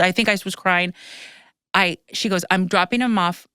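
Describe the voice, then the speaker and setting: A woman's voice: lowish voice, steady tone, fairly quick, bright, forceful tone, smooth, dry recording, studio quality. Tearful rambling woman podcast host. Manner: emotional, tearful, rambling storytelling. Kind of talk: casual chat. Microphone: podcast microphone.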